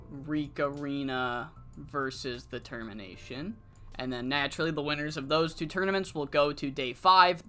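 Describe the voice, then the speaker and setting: While playing a wrestling management game, a streamer with a medium-pitched voice offers rambling, casual commentary, cursing freely and now and then breaking into excited rants.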